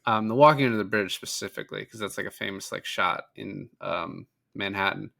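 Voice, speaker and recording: A man's voice: lowish voice, a little fast, vocal fry, bright, forceful tone. A man co-hosting a film podcast, chatting casually and profanely as he retells scenes. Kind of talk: casual film review chat.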